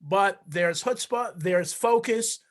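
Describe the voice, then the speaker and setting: A man's voice: high-pitched, slow pace, a bit bright. A man hosting a forum on a video call, talking enthusiastically with many restarts and repeated words. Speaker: forum host. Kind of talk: casual interview chat on a video call. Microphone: computer microphone on a video call.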